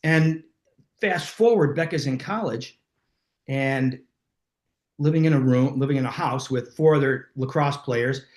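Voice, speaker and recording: A man hosting a live talk, telling stories in a lively, casual way and slipping into voices for the people in them. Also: medium pitch, a little slow, pauses often, echoey room. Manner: animated, acts out voices in his stories. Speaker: host. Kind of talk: casual storytelling to a live online audience.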